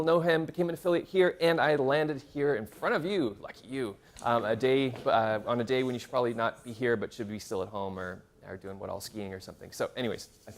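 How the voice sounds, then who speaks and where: A man in his forties from Canada, giving a casual, self-deprecating workshop talk to graduate students with many fillers and restarts. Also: mid-range voice. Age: 40s. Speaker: workshop presenter. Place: university seminar room.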